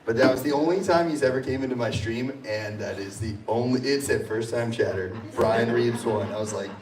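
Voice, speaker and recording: A man's voice: medium pitch, fairly quick, crowd noise. A man hosting a convention panel, telling a funny story with self-mocking laughs. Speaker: host and panelist. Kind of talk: casual panel chat. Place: convention hall. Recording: echoey hall, distant mic, audible noise.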